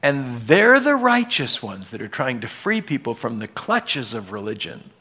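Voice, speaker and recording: A man as pastor giving a casual sermon, animated, acting out scripture dialogue in everyday voices. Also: medium pitch, unhurried, breathy edge.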